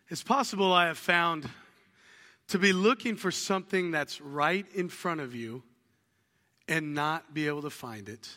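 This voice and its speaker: A man preaching a sermon as a pastor, telling lively stories and acting out little household conversations. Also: fairly high pitch, unhurried, long reverb tail. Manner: animated storytelling, acts out household dialogues.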